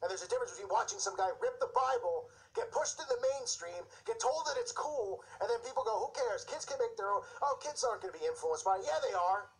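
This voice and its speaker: A man's voice: sits high, animated, fast, few pauses, rough recording. A man hosting his own show, delivering an impassioned, indignant religious commentary with mocking asides. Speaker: show host.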